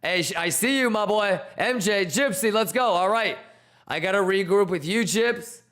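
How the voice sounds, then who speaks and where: A man hosting a casual crypto trading livestream, reading out chat names with loose, slangy, hyped shout-outs. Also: sits high, normal speed.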